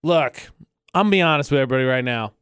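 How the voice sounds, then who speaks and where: A man co-hosting a casual radio show from a studio mic, playful and quick to laugh. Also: mid-range voice, a bit bright, clear, resonant tone, dry recording. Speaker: radio co-host. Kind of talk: casual morning radio banter. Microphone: studio microphone.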